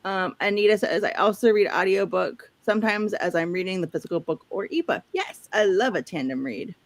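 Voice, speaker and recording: A woman's voice: medium pitch, expressive, a little fast, no echo. A woman from St. Louis with a St. Louis accent, hosting a livestream, chatting casually and reading viewer comments aloud. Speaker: livestream host. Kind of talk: casual chat.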